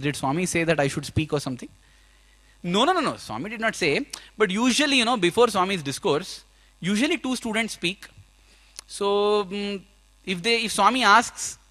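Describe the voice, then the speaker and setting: A young man giving a personal storytelling talk at a conference, acting out his own past prayers and dialogue. He swings between loud outbursts and hushed low passages. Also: lively intonation, moderate pace. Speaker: speaker at a youth conference. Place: conference hall.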